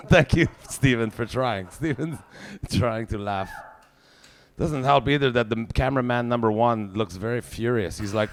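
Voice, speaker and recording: A man's voice: medium pitch, unhurried, slight background noise. A man in his forties with a Québécois French accent, doing a profane, ranting stand-up comedy set. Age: 40s. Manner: profane, ranting, swears heavily.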